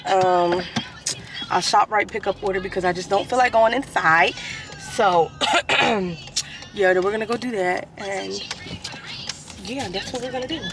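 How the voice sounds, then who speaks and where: Woman vlogger, casual rambling chat, stuffy from allergies, mid-pitched and fry-heavy. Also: measured pace, long pauses, noisy background. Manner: chatty, rambling, with many fillers.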